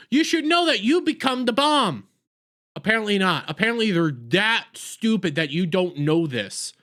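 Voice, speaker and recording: A man giving an exasperated, sarcastic review, retelling scenes with loud outbursts and put-on quotes. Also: high-pitched. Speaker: video reviewer. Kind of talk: ranting video review.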